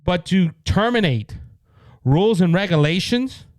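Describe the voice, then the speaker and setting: A man's voice: high voice, expressive, a little slow, dry recording. A man with a Cajun Louisiana accent hosting a political commentary podcast, talking in a heated, repetitive way that rises to exasperation. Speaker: podcast host.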